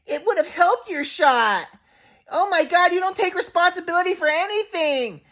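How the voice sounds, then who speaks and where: A man mimicking a shrill scolding mother. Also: expressive, normal speed, a bit bright. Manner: screeching, mocking, exaggerated. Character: shrill exasperated middle-aged mother, scolding.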